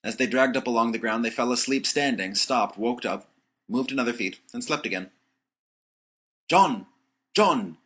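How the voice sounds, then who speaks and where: A man narrating an audiobook with expressive storytelling. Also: medium pitch, fairly quick, husky.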